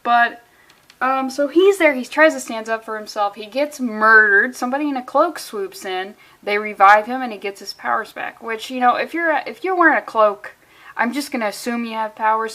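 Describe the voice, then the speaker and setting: A woman's voice: a little high, a bit bright. A woman reviewing a comic book in a casual vlog, rambling off on sarcastic tangents and swearing often.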